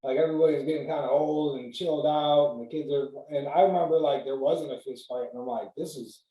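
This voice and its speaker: A man in casual podcast chat, telling stories in a profane, animated way. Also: fairly high pitch, quick pace. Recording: roomy sound, mic at a distance.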